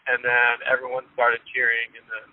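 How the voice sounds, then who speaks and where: A man's voice: mid-range voice, completely flat delivery, normal speed, no room sound. Chatty man on a tinny phone line. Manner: chatty, laughs often, acts out quotes. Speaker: interview guest. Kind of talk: casual storytelling.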